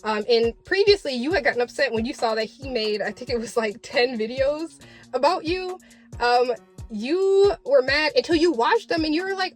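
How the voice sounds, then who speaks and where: A woman talks straight to camera in a casual commentary vlog, her fairly high voice carrying a blunt, exasperated tough-love tone. She swears freely as she lectures. Faint music plays underneath. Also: normal speed. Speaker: commentary vlogger.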